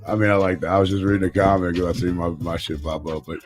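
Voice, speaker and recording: Low-voiced man telling a profane story. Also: quick pace, faint music behind. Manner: profane, rambling, animated retelling. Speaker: podcast co-host. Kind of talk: casual storytelling chat.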